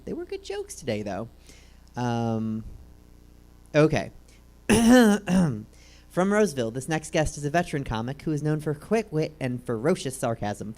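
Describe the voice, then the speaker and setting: A woman's voice: extremely low pitch, mellow. A woman hosting a comedy talk show, joking in a dry way and introducing guests.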